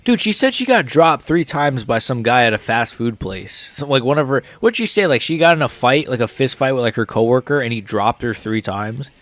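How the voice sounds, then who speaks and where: A man's voice: medium pitch, expressive, fairly quick, few pauses, a bit bright, no echo. A young American man hosting a live stream, reacting to fights in a rambling, casual, jokey way.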